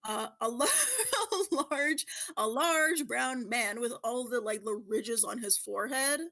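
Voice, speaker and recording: A high-voiced woman hosting a trivia segment in a relaxed podcast chat. She giggles her way through the explanations and keeps the game moving. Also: slow. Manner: giggly, laughs often while explaining. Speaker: podcast co-host running a quiz. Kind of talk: casual chat.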